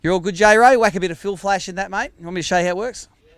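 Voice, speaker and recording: Australian man, weigh-in MC, slightly high, smooth, chatty, dry mic. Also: rapid-fire, fairly bright tone, no echo. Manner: upbeat, chatty, calls anglers "mate". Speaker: tournament weigh-in MC. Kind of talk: live announcing and banter. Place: outdoor weigh-in stage.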